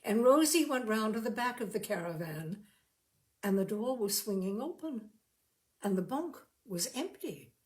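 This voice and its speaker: A woman reading a short story aloud as storyteller, with measured, expressive delivery. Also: medium pitch.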